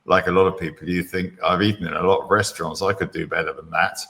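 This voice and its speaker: Man, older, very low voice, anecdotal, self-deprecating, podcast guest. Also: steady tone, fast, a bit bright. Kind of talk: storytelling in a podcast interview.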